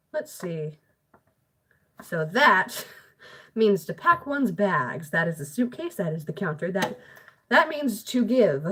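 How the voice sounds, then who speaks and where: A woman's voice: on the low side, a bit bright, a little hiss or hum. A girl in her late teens, talking to herself at home in a rambling, self-deprecating, chatty way while doing homework. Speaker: vlogger.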